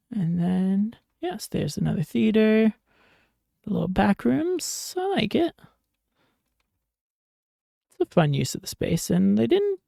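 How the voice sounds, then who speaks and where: A man giving casual let's-play commentary as a gaming YouTuber, relaxed and musing with small fillers and laughs. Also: high-pitched, gravelly, slightly rough, no echo, clean studio sound.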